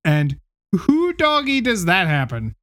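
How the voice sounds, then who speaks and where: A man's voice: high voice, huge pitch swings, slow, a bit bright, dry recording, studio quality. A man co-hosting a casual podcast chat, recapping the plot with a laugh and plenty of swearing. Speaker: podcast co-host.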